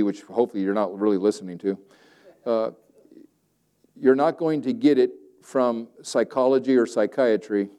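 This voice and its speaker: A male pastor preaching a sermon, swinging between loud emphatic declarations and quiet, conversational asides. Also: medium pitch, moderate pace, clean tone.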